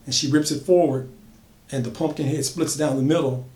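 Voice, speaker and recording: A man's voice: fairly high pitch, fairly even intonation, brisk, mellow. Man telling a horror story, repetitive. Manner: repetitive, builds emphasis by repeating phrases. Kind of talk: casual storytelling. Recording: echoey room.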